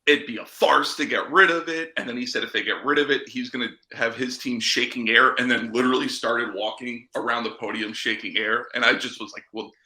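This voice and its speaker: A man co-hosting a podcast, wry and quick to laugh in casual chat. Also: mid-range voice, fairly even intonation, pushed and bright, roomy sound, low-quality recording. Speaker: podcast co-host.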